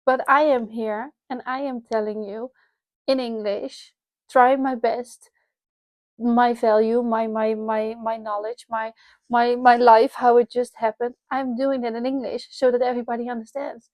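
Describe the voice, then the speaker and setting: A woman with a Dutch accent, her native tongue Dutch, talks through her thoughts in an unpolished vlog. Her voice sits slightly high, and she restarts and repeats herself as she reflects out loud. The sound is dry and close, as if from a clip-on mic. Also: flat delivery, a little slow, no room sound. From Netherlands. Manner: candid, rambling, self-reflective with frequent restarts and laughs. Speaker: vlogger. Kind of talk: unscripted personal vlog. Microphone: wireless lapel mic.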